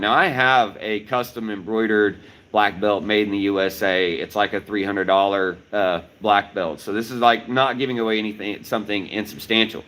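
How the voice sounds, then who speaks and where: A middle-aged man with a fairly low voice talks to his viewers as a martial arts instructor. He explains his points in order and often repeats them, checking in with listeners as he goes. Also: fairly even intonation, moderate pace, fairly bright tone, poor audio. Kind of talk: livestreamed talk to viewers.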